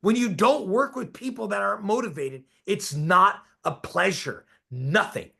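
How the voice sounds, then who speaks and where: A man's voice: high voice, unhurried, vocal fry, sharp tone, slightly rough. A man coaching a group of real estate agents, talking emphatically and pressing his listeners with questions for agreement.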